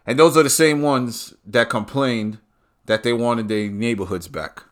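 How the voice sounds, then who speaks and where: A man's voice: medium pitch, measured pace. A man delivering a heated, profane and repetitive ranting monologue.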